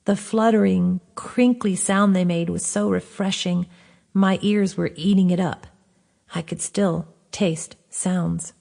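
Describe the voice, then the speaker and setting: Woman calmly reading her own fantasy book. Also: on the low side, slow, creaky. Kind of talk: audiobook narration.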